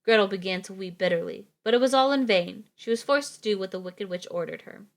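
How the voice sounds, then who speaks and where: A woman's voice: mid-range voice, fairly quick. Chatty woman reading fairytales aloud. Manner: laughs easily, self-correcting, chatty. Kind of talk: casual read-aloud with chatty asides.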